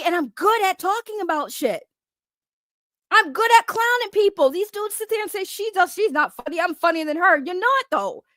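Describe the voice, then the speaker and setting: High-voiced woman in a heated profane rant. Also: no room sound. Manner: profane, heated, mocking, swings loud and fast. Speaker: drama commentary YouTuber.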